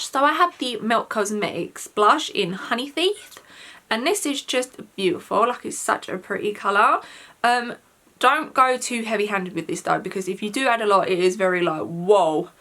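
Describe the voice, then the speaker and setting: A woman with a bright, ringing voice chats casually through a product review. She gushes freely and keeps her talk loose with lots of "like" and "um". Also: medium pitch. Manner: gushing, chatty, full of "like" and "um". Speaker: beauty vlogger.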